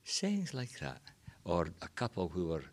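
Older Scottish man, low rambling storyteller. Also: huge pitch swings, unhurried. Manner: rambling, chuckling, peppered with you know. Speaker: reminiscence group member. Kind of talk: casual storytelling.

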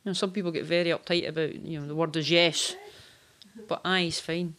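A woman teacher with a Highland Scottish accent, talking matter-of-factly in a group chat. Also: steady tone, a little fast, fairly bright tone.

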